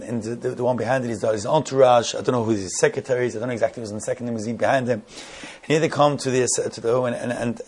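A man telling a story in a sermon, halting and repeating words, building to emphatic questions. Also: mid-range voice, slightly rough.

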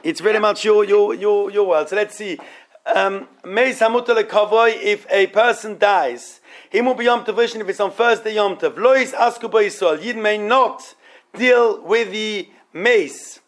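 A man teaching an informal Torah study class, halting and often repeating words as he explains. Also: high voice, a bit bright.

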